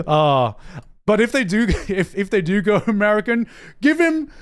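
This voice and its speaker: A young man chatting casually on a live stream, excitable, swearing freely and often repeating himself as he reacts. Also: high voice, a little slow. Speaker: streamer reacting to anime news.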